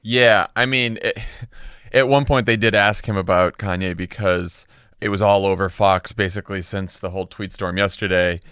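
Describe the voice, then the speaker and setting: Guy cohosting a politics podcast, dry jokey tone, smooth clear voice. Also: sits low, steady tone, moderate pace, a bit bright, no room sound. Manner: sardonic, laughs often. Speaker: co-host. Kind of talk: casual political podcast chat.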